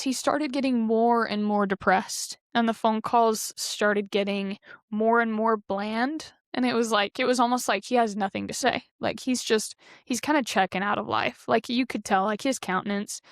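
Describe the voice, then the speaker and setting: A woman's voice: fairly high pitch, fairly even intonation, normal speed, no room sound, clean studio sound. Earnest young woman telling her story. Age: 20s. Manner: earnest, heavy use of "like". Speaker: podcast guest. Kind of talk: candid personal storytelling.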